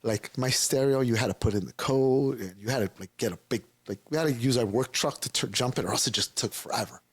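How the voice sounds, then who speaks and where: A man's voice: medium pitch, fast, husky, no room sound. A man being interviewed as a guest, telling a personal testimony in a rambling, casual way and acting out the voices of people he quotes.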